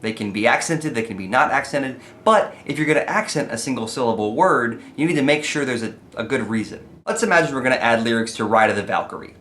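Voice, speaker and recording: A man's voice: medium pitch, lively intonation, quick pace, hardly any pauses, fairly bright tone, slight background noise. A young man giving a playful, comedic lesson on writing song lyrics, sometimes singing his examples. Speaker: songwriting teacher.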